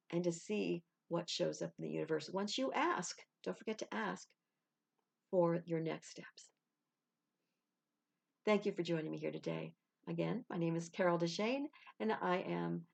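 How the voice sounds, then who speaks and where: A woman's voice: lowish voice, creaky, darkish tone. A woman, a spiritual guide, talking casually to camera with chatty advice and little acted-out exchanges. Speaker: intuitive spiritual guide, video host.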